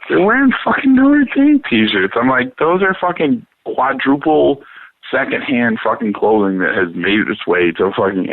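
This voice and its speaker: A man's voice: mid-range voice, no room sound. Guy cussing nonstop on a talk radio show, rambly, sounds like a phone line. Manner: rambling, swears a lot, animated. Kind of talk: profane casual radio chat.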